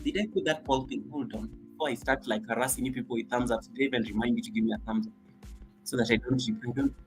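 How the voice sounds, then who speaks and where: A man hosting a casual live stream from his home set, greeting viewers by name and reading chat comments, with loud bursts of welcome between quiet asides into a laptop mic. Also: medium pitch, steady tone, fast, faint music behind, poor audio.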